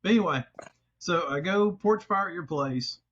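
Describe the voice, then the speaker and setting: Man, high voice, profane storyteller, exasperated outbursts, dull lo-fi sound. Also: moderate pace, breathy edge. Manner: animated, profane, jumps into loud exasperated outbursts. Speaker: podcast host. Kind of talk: casual storytelling chat.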